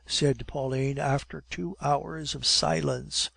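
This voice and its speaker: A man narrating an audiobook in a steady, measured reading style. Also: mid-range voice, vocal fry, no echo. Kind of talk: scripted narration.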